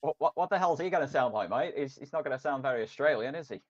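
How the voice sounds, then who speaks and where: A man co-hosting a gaming podcast with a lively, bouncing voice that rises and falls a lot. He jokes freely and walks through details, heard over a dull, lo-fi remote mic. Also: medium pitch, rapid-fire. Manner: lively, joking, explains things in detail. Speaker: podcast co-host. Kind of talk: casual gaming podcast chat.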